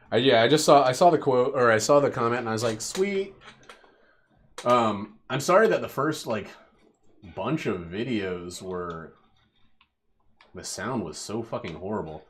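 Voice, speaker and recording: A man's voice: medium pitch, a little slow, pauses often, a little hiss or hum. A young man streaming a game, rambling and joking profanely as he plays. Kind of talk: casual gameplay commentary.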